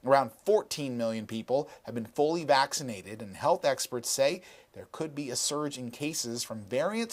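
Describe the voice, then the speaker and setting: A man anchoring morning TV news, reading school closures and health updates in a steady, measured way. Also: mid-range voice.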